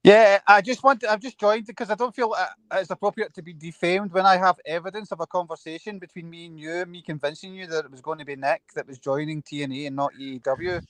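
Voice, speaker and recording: A man's voice: high-pitched, steady tone, quick pace, hardly any pauses, no room sound. A man joining a casual chat as a guest, mock-indignant and defensive. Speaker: panel guest.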